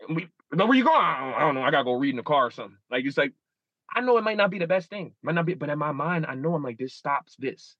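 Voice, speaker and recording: A man's voice: on the high side, lively intonation, very fast, sharp tone, no echo, muffled recording. A man in his thirties, a guest in a casual interview, telling stories animatedly and acting out his own inner dialogue. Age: 30s.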